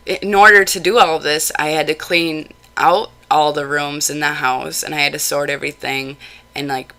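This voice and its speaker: A woman's voice: low voice, bright, forceful tone. A young woman telling a personal story in a vlog, candid and exasperated, slipping into ranting. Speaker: vlogger.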